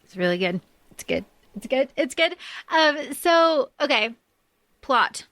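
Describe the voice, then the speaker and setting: A woman's voice: high voice, big pitch swings, takes it slowly, fairly bright tone, no room sound. A woman co-hosting a book podcast, chatting casually with lots of fillers and the odd swear. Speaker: podcast co-host.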